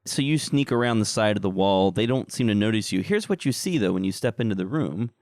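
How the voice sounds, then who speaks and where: A man's voice: fairly low pitch, expressive, a little fast, darkish tone, dry recording, clean studio sound. A man narrating as game master in a casual, descriptive way.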